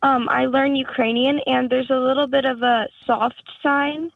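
A woman's voice: sits high, steady tone, normal speed, creaky, no echo. A woman calling into a radio show, talking earnestly and curiously over the phone. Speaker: caller. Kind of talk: call-in radio chat. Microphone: telephone. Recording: phone line.

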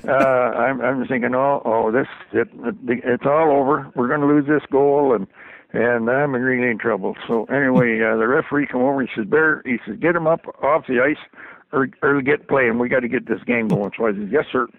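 A man's voice: mid-range voice, moderate pace, vocal fry, no echo. An older man, a former hockey trainer, telling folksy stories with frequent chuckles in an interview. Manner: chuckling, folksy anecdotal storytelling. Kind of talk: storytelling interview. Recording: dry tinny phone line.

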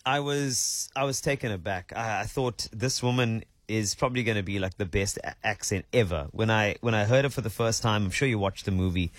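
A man's voice: lowish voice, a little fast, hardly any pauses, no room sound. A man hosting a casual chat, rambling and restarting his sentences. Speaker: host.

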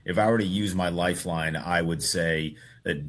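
A man in his thirties playing along in a radio quiz segment, hesitant and thinking out loud. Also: low-pitched, moderate pace. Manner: hesitant, thinks aloud with fillers. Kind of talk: casual sports radio chat.

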